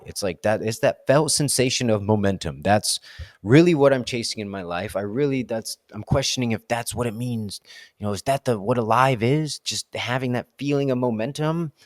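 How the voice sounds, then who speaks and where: A man's voice: mid-range voice, expressive, moderate pace, no echo, studio quality. A man talking through his thoughts in a candid solo vlog, rambling and self-questioning, leaning on "like" and "right?". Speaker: vlogger. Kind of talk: reflective solo monologue.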